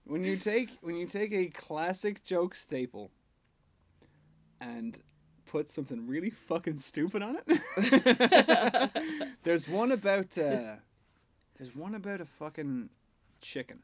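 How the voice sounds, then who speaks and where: A man's voice: sits high, very animated, slow. Sweary, jokey man rambling in a garage. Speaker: podcast co-host. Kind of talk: casual chat.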